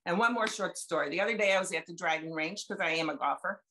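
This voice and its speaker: On a video call, a guest speaker in her seventies tells her faith testimony in a folksy, chatty manner, emphasizing conversations as she retells them. She talks fast, with a voice on the low side and a sharp tone.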